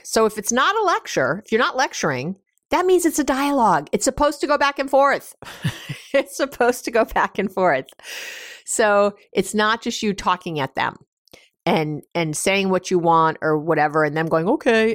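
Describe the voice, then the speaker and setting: A woman's voice: medium pitch, a bit bright, no room sound, clean studio sound. A woman hosting a solo advice podcast, chatty and emphatic, laughing often and repeating her points. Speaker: podcast host.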